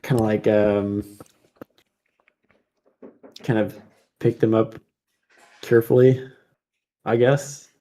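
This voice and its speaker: A man's voice: on the low side, steady tone, takes it slowly, long pauses, warm tone. A man playing in a tabletop game, speaking casually and hedging his words. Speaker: player. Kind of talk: in-character tabletop play.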